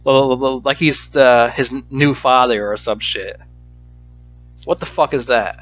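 A man's voice: mid-range voice, fairly bright tone. A man giving a profane, exasperated movie review rant, full of stammered restarts. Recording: dull lo-fi recording with faint music.

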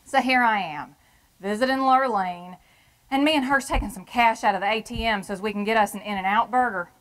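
A woman's voice: medium pitch, fairly quick, a bit bright, lightly acted, low-quality recording. A brassy, wisecracking Texan wife of an inmate, acted by a woman in a theatrical monologue. She has a folksy drawl and a tough, no-nonsense delivery. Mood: brash. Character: brash, wisecracking Texan woman with a husband in prison. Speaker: performer.

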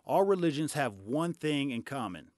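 A man's voice: medium pitch, sing-song, moderate pace, a little mellow, dry recording, clean studio sound. A man doing a stand-up routine, sarcastic and profane. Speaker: stand-up comedian.

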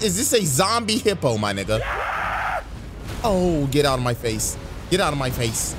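A man's voice: on the high side, sing-song, normal speed, long pauses, music in the background. A young man commentating his own gameplay, cursing and screaming outbursts at the game as he plays. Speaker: gaming YouTuber.

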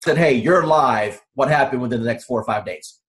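Male host-interviewer, husky voice, keeps steering with prompting questions. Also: mid-range voice, fairly quick, fairly bright tone. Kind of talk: testimonial interview.

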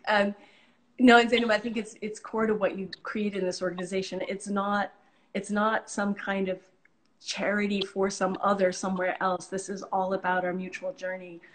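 A woman's voice: mid-range voice, flat delivery, normal speed. A woman hosting an interview, telling stories in an earnest, appreciative way, often restarting her sentences. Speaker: host, charity leader. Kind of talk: conversational interview.

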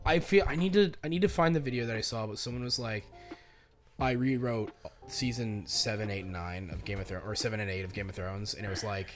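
A man co-hosting a casual podcast, animated and profane, bursting into loud acted-out quotes as he talks. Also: lowish voice, fairly quick, faint music behind. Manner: animated, swearing, acts out quotes loudly. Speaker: podcast co-host. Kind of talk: casual chat.

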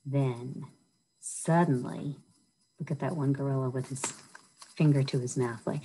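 A woman's voice: rumbling low, unhurried, pauses often, slight background noise, low-quality recording. A woman reading a picture book aloud to children at a library storytime, often asking her listeners questions. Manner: animated, asks the listeners questions.

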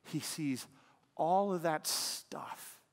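A man preaching in an emphatic, conversational style, slipping "man" and "like" into his points. His voice sits a little high for a man and rings with the long reverb of a large church sanctuary. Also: drawn-out words. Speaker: pastor. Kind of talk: sermon.

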